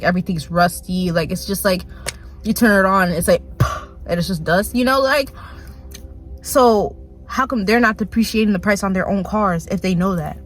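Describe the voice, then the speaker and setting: A young woman ranting casually into her phone, rambling with lots of "like", quick laughs and mock voices. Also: medium pitch. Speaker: vlogger. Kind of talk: casual rant to camera.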